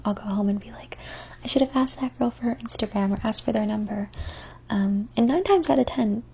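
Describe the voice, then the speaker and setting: A woman doing a whispered ASMR Q&A, answering viewer questions softly and reflectively, drifting between whisper and a quiet spoken voice. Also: medium pitch, gravelly, a little hiss or hum. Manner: soft, gentle whisper that keeps slipping into a quiet spoken voice; unhurried and reflective, with frequent "um" and "like".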